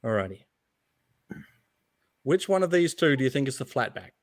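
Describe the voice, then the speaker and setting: A man's voice: medium pitch, big pitch swings, normal speed, dry recording. Rambling man in casual chat, dry sound. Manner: rambling, laughing often, restarting sentences. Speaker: podcast co-host.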